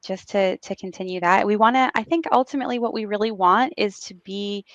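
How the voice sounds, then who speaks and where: A woman speaking as a business executive guest on a podcast, answering in a reflective, measured way with frequent ums. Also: medium pitch, dry recording, highs cut off.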